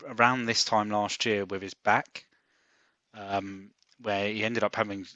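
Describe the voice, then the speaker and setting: A man co-hosting a podcast in casual chat, pausing often with ums and restarts. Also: on the low side, bright, forceful tone, no room sound, highs cut off. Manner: hesitant, many ums and restarts. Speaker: podcast co-host. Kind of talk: casual chat about fantasy football.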